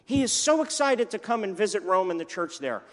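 Animated male preacher in echoey hall. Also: sits high, fairly quick. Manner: energetic, animated preaching with humor. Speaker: pastor. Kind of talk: sermon. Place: church sanctuary.

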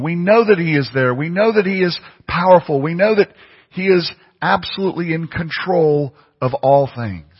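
Male preacher, slightly high and husky, muffled recording with long reverb in a church hall. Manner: emphatic, repeats phrases for stress. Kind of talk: sermon.

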